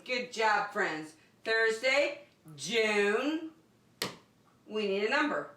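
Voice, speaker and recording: A woman's voice: mid-range voice, lively intonation, very slow, bright, forceful tone, distant mic, a little hiss or hum. A woman leading an online circle time for young children from her home, in cheerful, sing-song teacher talk. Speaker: preschool teacher. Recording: echoey room, voice off-mic.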